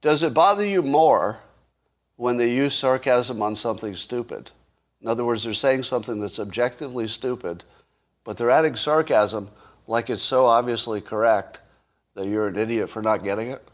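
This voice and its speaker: A man's voice: medium pitch, moderate pace. A man hosting a casual solo commentary, musing aloud with rhetorical questions and wry chuckles.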